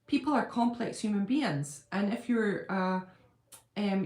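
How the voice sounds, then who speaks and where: A woman hosting her own channel, chatting casually on a live stream and rambling as she answers viewer comments at home. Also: medium pitch. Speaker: channel host. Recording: roomy echo.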